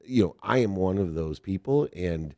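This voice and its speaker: Very deep-voiced man hosting an interview. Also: animated, moderate pace, darkish tone. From Ohio. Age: middle-aged. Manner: rambling, self-deprecating, laughs often. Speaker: interview host. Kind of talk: casual interview conversation.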